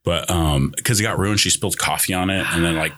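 A man's voice: low-pitched, fairly quick, sharp tone. A young man telling a personal story in casual chat, rambling with many fillers and restarts. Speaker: guest.

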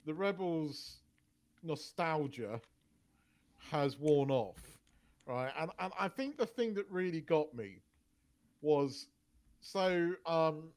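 A man co-hosting a casual pop culture podcast, talking in a halting way with many restarts. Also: on the high side, expressive, darkish tone. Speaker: podcast co-host. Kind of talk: casual chat.

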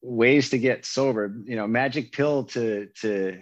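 A man candidly recounting his own story, animated and acting out the lines of the people in it. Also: medium pitch, unhurried, no echo, lo-fi sound. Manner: animated, acts out other people's lines in a raised voice. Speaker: guest telling his recovery story.

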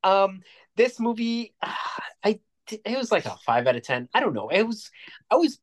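A man's voice: sits high, very animated, moderate pace. A man co-hosting a podcast, chatting casually about movies in a rambling, jokey way. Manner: rambling, jokey, restarts often. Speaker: podcast co-host. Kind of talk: casual movie review chat.

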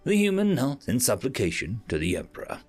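A man's voice: mid-range voice, brisk, faint music behind. A man narrating sci-fi and fantasy short stories as a podcast reader. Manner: expressive reading. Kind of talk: audiobook story narration.

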